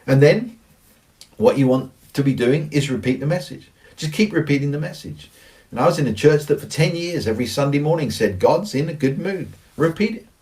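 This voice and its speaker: A man's voice: a little high, expressive, brisk, darkish tone, distant mic. A man giving a recorded teaching presentation on church and organizational culture, earnest and emphatic, repeating his key phrases. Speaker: church leadership speaker.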